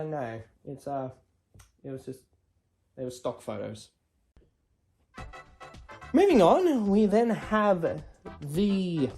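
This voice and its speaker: A young woman with an Australian accent, chatting casually and jokingly as she shows off her plush collection in a vlog. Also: fairly low pitch. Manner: chatty, animated, jokey and self-deprecating. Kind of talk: casual show-and-tell vlog.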